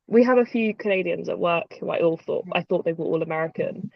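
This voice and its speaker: A woman's voice: fairly low pitch, brisk, creaky, no echo. British woman host, rambling chat, plenty of ums, dry lo-fi recording. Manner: rambling and chatty, with many ums and laughs. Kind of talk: casual chat on a livestream.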